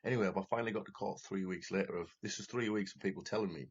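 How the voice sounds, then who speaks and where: A man talks straight to the camera in a deep, raspy voice. His account rambles and keeps restarting, full of swearing and agitation. The recording sounds dull and lo-fi. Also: fast, hardly any pauses. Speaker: former talent show contestant telling his story. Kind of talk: unscripted monologue to camera.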